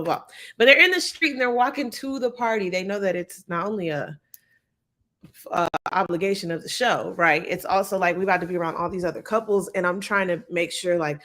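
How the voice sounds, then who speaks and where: At normal speed and in a mid-range voice, this young recap host talks through a reality show live. Her chatty, animated style includes acting out people's quotes.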